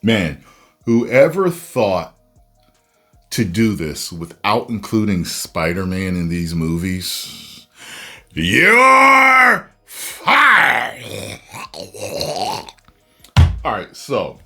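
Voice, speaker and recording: Low-pitched male movie reviewer, unhurried and swinging wildly in pitch, prone to loud exasperated bursts, faint music behind. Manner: animated, with loud exasperated outbursts. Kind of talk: casual video review rant.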